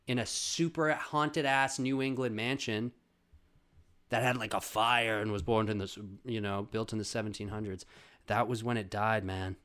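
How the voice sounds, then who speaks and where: Profane, lively man telling stories. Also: medium pitch. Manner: profane, animated storytelling with sudden loud bursts and quiet asides. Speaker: podcast host. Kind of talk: casual storytelling monologue.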